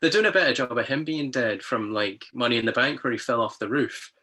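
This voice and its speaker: A giggly man co-hosting a podcast in casual chat, with a bright, tense edge to his voice. His tone is husky and a little rough rather than clean. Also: medium pitch, a little fast. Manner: giggly, laughs often between remarks. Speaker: podcast co-host.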